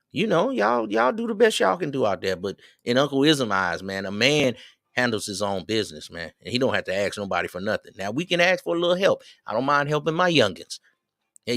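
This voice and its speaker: A middle-aged man giving casual advice in a slangy, preachy, joking way, with loud swings. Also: medium pitch, dry recording, studio quality. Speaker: show host.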